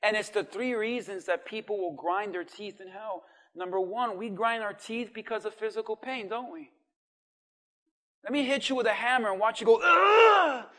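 A male pastor preaching a sermon, acting out the cries of people with sudden shouts. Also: high-pitched, normal speed. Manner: dramatic, acts out voices of people in hell.

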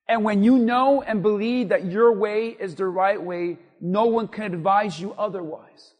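A male pastor delivers a sermon in a strikingly high voice. He hammers home repeated lines in an emphatic cadence that climbs toward near-shouts. The sound rings out with the long reverb of a big sanctuary. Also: a little slow.

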